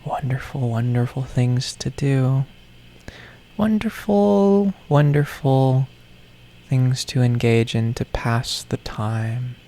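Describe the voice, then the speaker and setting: A man's voice: medium pitch, monotone, slow pace, hardly any pauses, warm tone. Rambling, playfully menacing man. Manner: playfully menacing, meandering, self-mocking villain talk. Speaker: toy vlogger. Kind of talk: rambling vlog monologue.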